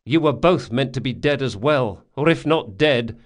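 A man voicing a sharp-tongued young con man, complaining sardonically in an audiobook. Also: mid-range voice, animated, normal speed, voice pushed up, lightly acted. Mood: sardonic.

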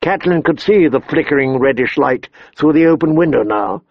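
A man's voice: on the high side, no room sound. Male audiobook narrator, dry and close. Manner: measured, expressive storytelling. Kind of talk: scripted narration. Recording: dull dry recording.

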